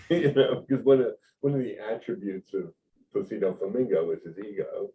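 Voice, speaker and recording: A man who is a guest writer in an interview, halting and searching for words, laughing often. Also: lowish voice. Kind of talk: casual interview chat. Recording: dull distant call audio with faint noise.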